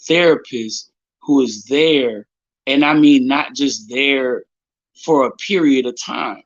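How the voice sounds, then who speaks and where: A man hosting a casual live-stream chat, talking in an animated, emphatic way and swearing often. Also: mid-range voice, slow, highs cut off. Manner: animated, profane, emphatic storytelling. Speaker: host.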